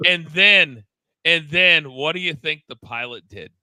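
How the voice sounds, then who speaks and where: A man's voice: a little high, a little slow, smooth, dry recording, poor audio. A middle-aged man co-hosting a casual wrestling talk show, telling backstage stories with lots of stammered repeats. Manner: animated storyteller, stammers and repeats words. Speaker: podcast co-host, former wrestling coach.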